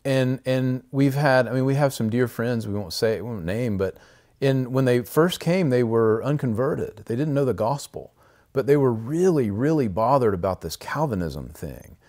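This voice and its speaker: Rambling man in podcast chat, mid-pitched. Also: lively intonation, moderate pace. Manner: rambling, with frequent restarts and soft laughs. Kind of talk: casual conversational podcast talk.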